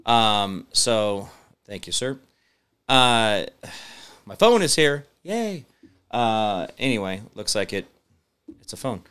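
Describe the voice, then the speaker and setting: Smooth-voiced man hosting a live stream. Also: lowish voice, animated, slow pace, pauses often, a bit bright. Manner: rambling, emphatic, many fillers and restarts. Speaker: show host. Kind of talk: live-stream commentary reading viewer comments.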